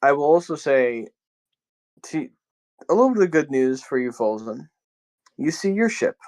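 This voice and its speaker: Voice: medium pitch, very animated, normal speed, a little mellow, poor audio. A game master narrating a tabletop game in a casual way, with loose phrasing and lots of fillers.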